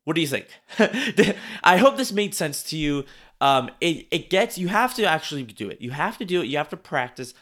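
Animated man coaching on public speaking. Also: fairly high pitch, moderate pace. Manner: animated, demonstrative, repeats phrases for emphasis. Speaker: podcast host and speaking coach. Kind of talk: instructional podcast talk.

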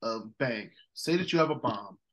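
A man's voice: medium pitch, moderate pace, rough recording. A man with a Detroit accent hosting a casual podcast, telling stories with lots of animation and frequent laughter. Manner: animated storytelling, laughs often. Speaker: podcast host.

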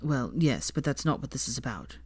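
A woman's voice: extremely low pitch, big pitch swings, slightly rough, no echo, studio quality, pitched below the performer's own voice, heavily acted. A woman voicing a brooding anxious young man. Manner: hushed, halting, heavy sighs.

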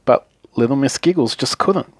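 A man reading a children's story aloud in a gentle, expressive way. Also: mid-range voice, moderate pace, slightly rough, dry recording, clean studio sound.

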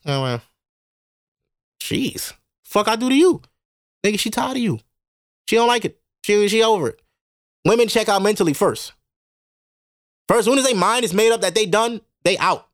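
A man's voice: high-pitched, no echo, studio quality. A man hosting a casual solo podcast, talking bluntly and profanely to his listeners and laughing often. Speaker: podcast host.

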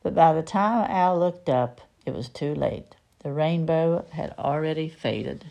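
Woman reading a storybook, slow and creaky. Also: sits low, highs cut off. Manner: expressive. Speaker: storybook reader. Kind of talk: reading a children's book aloud.

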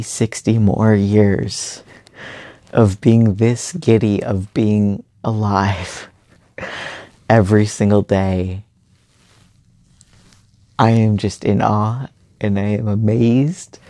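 Young man, personal late-night monologue, mellow dark tone, slow delivery. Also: on the low side, dry recording, clean studio sound. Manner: earnest, halting, emotional.

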